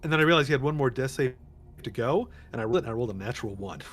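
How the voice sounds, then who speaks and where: A man narrating as game master of a tabletop game, relaxed and chatty, with frequent fillers. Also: medium pitch, racing.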